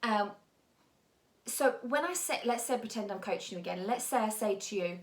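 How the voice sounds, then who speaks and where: A woman's voice: mid-range voice, expressive, normal speed. A woman, a mindset and business coach, giving blunt, emphatic and encouraging motivational talk to the camera. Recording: echoey room.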